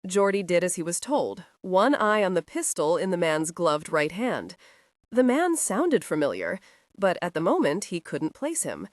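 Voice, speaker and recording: A woman narrating a historical romance audiobook in an expressive storytelling manner. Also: fairly low pitch, normal speed, no room sound, clean studio sound. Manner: expressive, voices each character.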